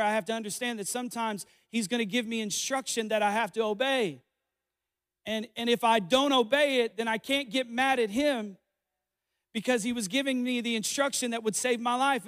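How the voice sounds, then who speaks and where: A man's voice: very high-pitched, fairly bright tone. A man preaching a sermon as pastor, repeating phrases and restarting lines as he builds to fervent emphasis. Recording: long hall reverb.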